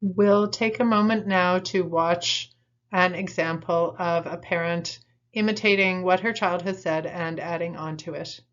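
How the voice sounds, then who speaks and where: A woman calmly explaining parenting strategies in an instructional talk, pausing often with ums and uhs. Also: lowish voice. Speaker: instructor in a parent training video. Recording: dull, muffled recording.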